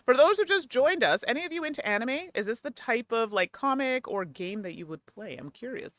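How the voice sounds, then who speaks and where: A woman's voice: on the high side, animated, brisk, a bit bright, dry recording. A woman hosting a live gameplay stream, chatting to her viewers and laughing often. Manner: chatty, giggly, talks to chat. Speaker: streamer host.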